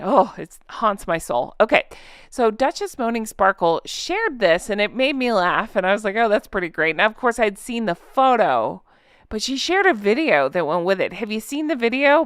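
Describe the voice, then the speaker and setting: A woman's voice: medium pitch, a bit bright, clear, resonant tone, no room sound, clean studio sound. A woman hosting a gossip commentary vlog, talking straight to her viewers with sarcastic, mocking asides and lots of rhetorical questions. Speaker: commentary vlogger. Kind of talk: chatty gossip commentary to camera.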